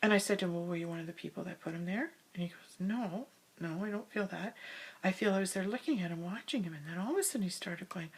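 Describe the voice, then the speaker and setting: A woman telling a personal spiritual story in a casual monologue, recorded in the hall of her house, sometimes dropping to a soft whisper. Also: medium pitch, fast talker, husky. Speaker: spiritual speaker.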